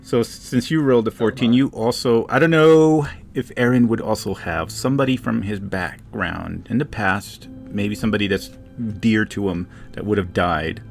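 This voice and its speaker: A man narrating a tabletop game as game master, halting and searching for words. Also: fairly low pitch, gravelly, soft background music.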